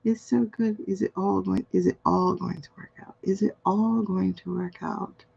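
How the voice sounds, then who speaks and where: A woman's voice: medium pitch, steady tone, moderate pace, creaky, warm tone, breathy edge, dull audio. A woman in her forties hosting a casual tarot live stream, chatty and playful, reading chat comments aloud and laughing often. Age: 40s. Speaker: tarot card reader, livestream host.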